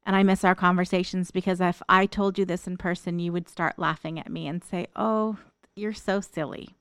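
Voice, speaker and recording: A middle-aged woman talks softly and reflectively, as if speaking straight to her late mother. Her voice sits low and sounds smooth and clean. The recording is dry, with no room around her. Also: flat delivery, fairly quick, no echo. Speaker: daughter writing an open letter. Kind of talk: heartfelt spoken monologue.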